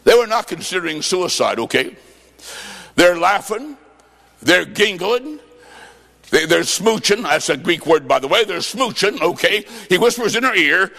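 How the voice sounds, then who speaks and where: Preacher guy w a high gravelly voice, tells stories and acts out the dialogue, bursts into shouts. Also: lively intonation, moderate pace. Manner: storytelling preacher acting out dialogue, sudden shouts. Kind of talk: sermon.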